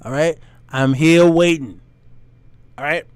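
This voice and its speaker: A man hosting his own show, telling a story, acting out the other voices and squeaking high when surprised. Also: takes it slowly, smooth, dry recording. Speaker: host. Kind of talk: casual storytelling monologue.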